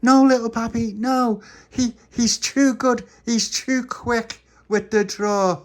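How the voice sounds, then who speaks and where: A man voicing an excitable little girl who bosses the others in a storybook game of cowboys. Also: slow pace. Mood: pleading. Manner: high, eager and commanding.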